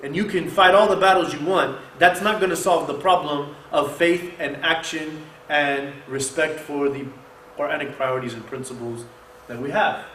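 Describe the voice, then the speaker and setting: A man delivers an animated mosque sermon with a fairly high voice. He poses rhetorical questions and recites Arabic verses between his points. The echoey room carries a faint background hum. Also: normal speed. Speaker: mosque speaker.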